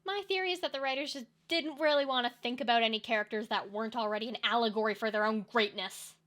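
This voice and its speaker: A young woman with a slightly high voice delivers comedic movie commentary. She rants with a dry, sarcastic edge, swinging between exasperation and jokes. Her talk is fast and conversational, like a video essay. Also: a bit bright. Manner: sarcastic, ranting.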